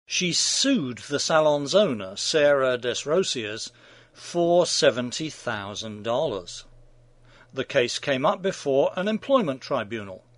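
A man's voice: mid-range voice, sing-song, takes it slowly, no echo. A man delivering scripted opinion commentary in a sardonic, mocking manner.

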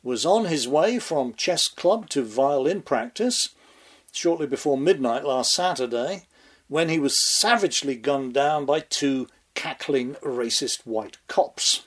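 Husky, slow-talking sarcastic male commentator. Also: mid-range voice, expressive. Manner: sardonic, dry sarcasm with dramatic pauses. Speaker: commentary host. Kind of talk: scripted political commentary.

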